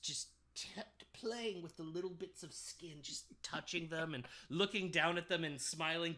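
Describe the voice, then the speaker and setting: A man co-hosting a podcast, casually retelling a film's plot and acting out the characters' lines with laughs. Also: fairly high pitch. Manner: animated retelling with acted-out quotes and laughs. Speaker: podcast co-host. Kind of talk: casual movie recap chat.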